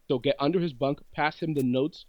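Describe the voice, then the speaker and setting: A man's voice: medium pitch, dry recording. Rambling male player on a dull mic. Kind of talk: casual tabletop play.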